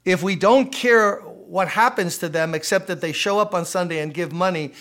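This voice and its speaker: A pastor preaching a podcast sermon to church leaders, emphatic and conversational, repeating key phrases and asking rhetorical questions. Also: male voice, high voice, moderate pace, hardly any pauses, fairly bright tone.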